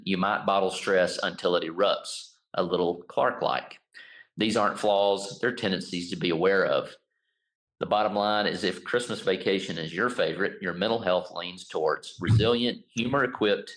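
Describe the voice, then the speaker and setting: A man's voice: low voice, fairly bright tone, low-quality recording. A middle-aged man co-hosting a podcast, reading a list of points aloud in a casual chat and laughing at his own slips. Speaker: podcast co-host.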